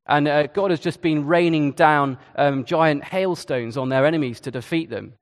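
A man's voice: a little high, moderate pace, in a large hall. A man preaching a sermon in a conversational way, with hesitations and asides. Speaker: Church of England preacher.

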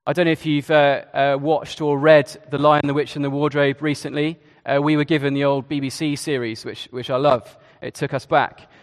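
A man's voice: fairly high pitch, flat delivery, moderate pace, few pauses, in a large hall. A man preaching a sermon in a conversational way, with hesitations and asides. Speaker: Church of England preacher.

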